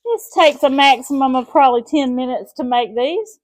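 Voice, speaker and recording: A woman's voice: high voice, normal speed. Give me a chatty middle-aged woman with a South Alabama accent hosting a home cooking video. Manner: folksy, chatty, rambling asides. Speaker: home cooking channel host. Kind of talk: casual home cooking demonstration.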